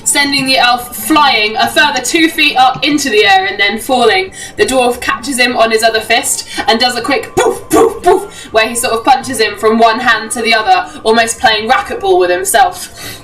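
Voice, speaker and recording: Lady dm narrating a tabletop game, lots of ums, bright voice, sounds a bit far from the mic. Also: on the high side, normal speed, soft background music. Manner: chatty, laughing often, many ums. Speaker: game master.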